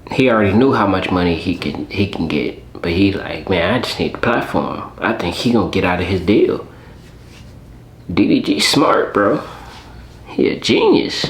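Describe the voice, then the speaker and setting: A man's voice: sits low, moderate pace, long pauses, echoey room, a little hiss or hum. A man giving casual reaction commentary in a blunt, slangy, mocking way. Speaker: reaction streamer.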